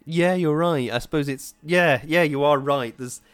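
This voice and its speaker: A man co-hosting a podcast in easygoing casual chat, quick to laugh. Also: on the high side, clear, resonant tone, no echo. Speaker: podcast co-host.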